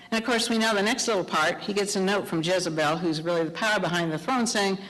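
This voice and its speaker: A middle-aged woman preaching a sermon, telling a story with animated, acted-out dialogue. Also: medium pitch, fast talker, few pauses. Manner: animated storytelling, acting out dialogue in raised voices. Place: church sanctuary. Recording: long hall reverb.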